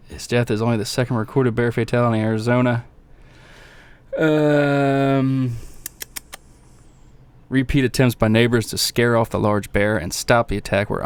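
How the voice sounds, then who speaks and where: A man's voice: mid-range voice, clear, resonant tone, no echo. A man co-hosting a casual podcast, reading out news items and reacting bluntly with lots of swearing. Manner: profane, blunt, reads news items aloud. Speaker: podcast co-host. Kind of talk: casual chat.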